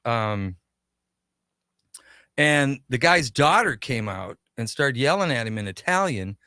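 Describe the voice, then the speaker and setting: A man on a radio show telling anecdotes and acting out the back-and-forth of old conversations. His voice is bright and forward. The sound is close and dry, like a studio mic. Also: medium pitch, slow, smooth, dry recording. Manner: animated anecdotes with quoted dialogue. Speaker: shop owner guest. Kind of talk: casual radio interview storytelling.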